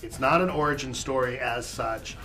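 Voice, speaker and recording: Mid-pitched man discussing film reviews. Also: moderate pace, pushed and bright, faint music behind. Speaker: film review show co-host.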